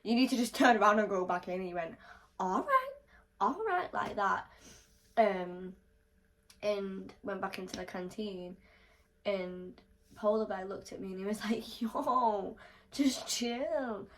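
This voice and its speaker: A young woman telling a storytime vlog, animated and swearing freely as she acts out the quotes. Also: mid-range voice, normal speed, slight background noise, rough recording.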